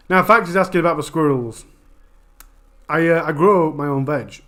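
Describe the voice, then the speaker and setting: A man with a broad Yorkshire accent, casually chatting with viewers on a live stream, talking quickly and informally. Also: on the high side, fairly bright tone. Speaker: true crime channel host.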